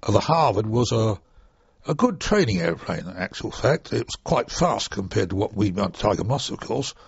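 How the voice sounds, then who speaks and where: An older man reminisces at length in an interview, rambling and chuckling between stories. His voice is low, gravelly and very husky. The recording is dull and dry, with no room sound. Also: sing-song, moderate pace, dry recording. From United Kingdom. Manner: chatty, rambling, chuckling asides. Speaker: interviewee, former RAF trainee pilot. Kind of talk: reminiscing oral history interview.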